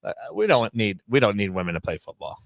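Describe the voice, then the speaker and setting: A man's voice: on the low side, very animated, fast, vocal fry, no echo, studio quality. A man hosting a live sports talk show, ranting brashly and swearing freely.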